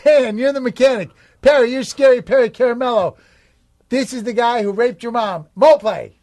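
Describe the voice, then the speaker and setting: Brief: upbeat improv director on a podcast, light higher voice. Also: male voice, moderate pace, darkish tone. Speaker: podcast co-host, scene director.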